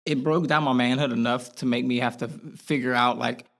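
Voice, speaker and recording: A man's voice: mid-range voice, fairly even intonation, a little fast, creaky, a bit bright. Earnest rambling young man. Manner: earnest, rambling, frequent "like" fillers and restarts. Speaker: podcast guest. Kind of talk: candid interview conversation.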